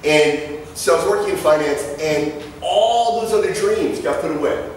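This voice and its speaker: A man's voice: fairly high pitch, normal speed, a little hiss or hum. A man in his forties giving a conversational talk to students, telling stories with jokes and asides. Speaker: guest lecturer. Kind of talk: presentation to students. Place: large lecture hall. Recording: echoey hall from far off.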